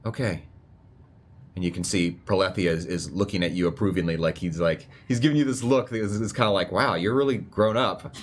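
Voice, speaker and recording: A man narrating as game master for a tabletop roleplaying game, talking in a relaxed, conversational way. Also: deep voice, fairly quick. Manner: relaxed and conversational, with frequent fillers and restarts.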